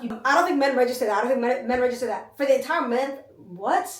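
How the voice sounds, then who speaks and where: Woman, rapid emphatic delivery, podcast chat, distant mic, echo. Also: high-pitched. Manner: animated, emphatic, swears freely. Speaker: podcast co-host. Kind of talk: casual chat.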